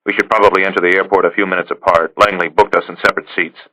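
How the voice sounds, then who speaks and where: A male narrator voicing a weary middle-aged spy chief who speaks in a measured, dry manner. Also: low-pitched, little pitch movement, pushed and bright, poor audio.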